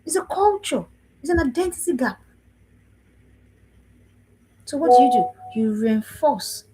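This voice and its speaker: A woman's voice: high-pitched, expressive, a little slow, very noisy. A woman around forty from Africa, giving a preaching talk on parenting, emphatic, repeating phrases and asking if listeners understand. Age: 40s. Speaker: speaker on parenting. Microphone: livestream.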